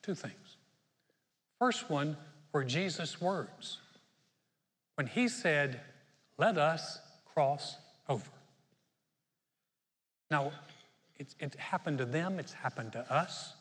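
A man preaching a sermon in an animated way, acting out prayers and quotes as he goes. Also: fairly high pitch, slow pace, pauses often. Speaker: pastor. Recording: long church reverb.

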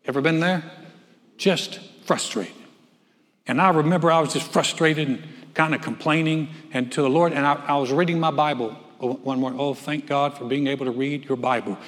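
A man preaching a sermon from the pulpit, animated, swinging from loud calls to hushed telling. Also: fairly high pitch, normal speed. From North Carolina. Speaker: pastor. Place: church sanctuary. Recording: long church hall reverb.

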